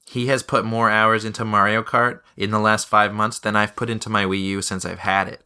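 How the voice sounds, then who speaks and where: Low, bright-voiced rambling man. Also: little pitch movement, a little fast, smooth. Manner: rambling, profane, many restarts. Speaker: podcast host. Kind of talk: casual podcast chat.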